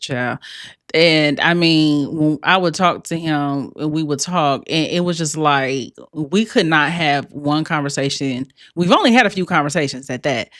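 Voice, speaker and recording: A woman's voice: low voice, fairly bright tone, dry recording, clean studio sound. Frank, profane woman podcast host. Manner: frank, profane, laughs often, addresses listeners directly. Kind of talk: candid storytelling monologue.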